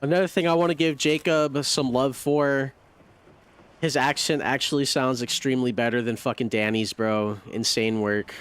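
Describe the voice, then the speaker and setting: Profane, excitable male streamer. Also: medium pitch, moderate pace, clean tone. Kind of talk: casual gameplay commentary.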